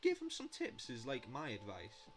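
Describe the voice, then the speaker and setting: A man's voice: mid-range voice, wildly swooping pitch, normal speed, a little hiss or hum. A young man rambling in a casual monologue while building in a game, blunt and chatty, swearing now and then. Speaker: Minecraft builder vlogging.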